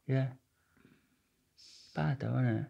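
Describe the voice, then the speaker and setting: Speaking slowly with vocal fry, this young podcast guest has a mid-range voice, and the recording's highs are cut off. In a casual storytelling interview, he rambles, uses slang, swears plenty, and keeps restarting.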